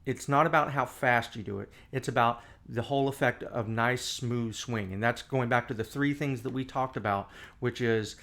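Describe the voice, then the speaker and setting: A man's voice: medium pitch, normal speed, vocal fry, fairly bright tone. Man teaching music, scatting lines. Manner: scats melodies with nonsense syllables. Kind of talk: casual instructional talk. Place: indoor room, camera on tripod.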